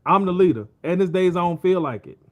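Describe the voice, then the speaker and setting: A man hosts a podcast in relaxed, informal talk and affirms what his guest says. His voice sits a little high for a man. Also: quick pace, highs cut off. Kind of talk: casual chat.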